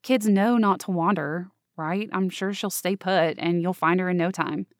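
A woman's voice: lowish voice, normal speed, no room sound, close to an everyday voice. A woman voicing a weary, blunt young gas-station clerk, talking in a dry, offhand way. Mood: reassuring. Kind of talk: audio drama dialogue.

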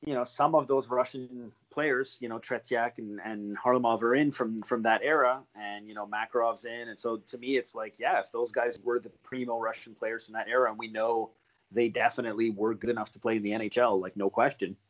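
A man's voice: mid-range voice, fairly even intonation, a little fast, fairly bright tone. Man, podcast co-host, easygoing, hesitant, dull lo-fi sound. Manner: easygoing, hesitant, laughs often. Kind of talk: casual chat.

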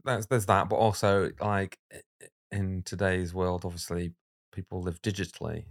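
A man with a deep, low-pitched voice and a gravelly edge to it. He talks bluntly and speaks his mind in relaxed podcast chat, and he grows animated when a subject riles him. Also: moderate pace. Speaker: guest illustrator. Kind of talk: casual podcast conversation.

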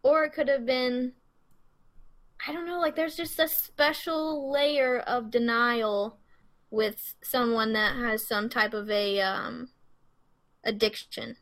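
Young woman cohost on a true crime pod, kinda high voice, rambly with likes and ums. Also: fairly even intonation, takes it slowly, fairly bright tone, poor audio. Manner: rambling, filler-heavy. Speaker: podcast co-host. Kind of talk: casual true-crime podcast chat.

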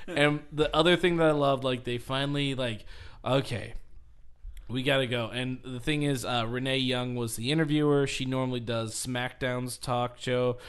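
Laughing, animated man retelling a story. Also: medium pitch, moderate pace, clear, resonant tone. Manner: animated storytelling, acting out quotes, laughing often. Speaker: podcast host. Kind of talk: casual chat.

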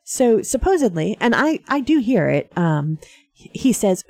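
A woman's voice: mid-range voice, sing-song, moderate pace, a little mellow, dry recording. A woman hosting a radio show, talking casually with many fillers and small laughs. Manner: chatty, frequent fillers and laughs.

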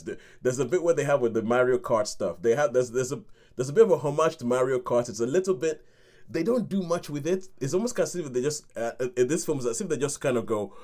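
Here the film podcast host speaks in a mid-range, slightly mellow voice. His talk stays chatty and full of laughter as he acts out how he reacts and hums the odd tune.

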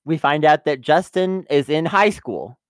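Animated, exasperated man chatting. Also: on the high side, unhurried, clear, resonant tone, no echo, clean studio sound. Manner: exasperated, laughs often, swears. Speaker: podcast co-host. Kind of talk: casual review chat.

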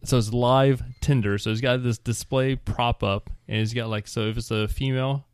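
Smooth-voiced easygoing podcast co-host. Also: male voice, medium pitch, steady tone, normal speed, no room sound. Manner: easygoing, self-mocking. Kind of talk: casual chat.

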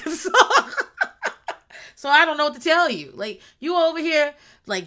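A woman recapping a reality show in casual chat, loud and animated, swearing freely, laughing often and acting out quotes. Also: sits high, slow, long pauses.

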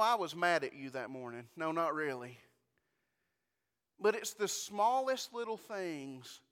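A man's voice: sits high, a bit bright, clear, resonant tone, long reverb tail. A man preaching a conversational sermon as pastor, often asking the congregation for amens and repeating words as he starts a phrase.

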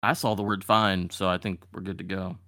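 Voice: low-pitched, little pitch movement, quick pace, a bit bright, no room sound. A tabletop player talking in a laid-back way with dry humor. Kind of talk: casual tabletop game chat.

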